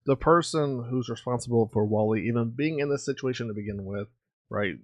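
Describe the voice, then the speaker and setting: A man's voice: medium pitch, no room sound. Casual male comics channel host, dry close mic. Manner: reads dialogue aloud in quick character snippets. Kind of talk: casual comic read-through.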